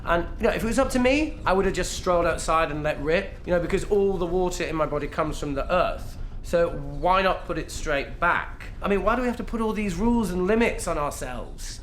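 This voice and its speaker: An actor plays a smug hippie sibling lecturing everyone about nature and the universe, tacking little questions onto the ends of lines. A medium-pitched voice with faint noise behind it, from a game. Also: fairly bright tone, lightly acted. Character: smug hippie sibling, preachy and self-absorbed. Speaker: sibling at a family party.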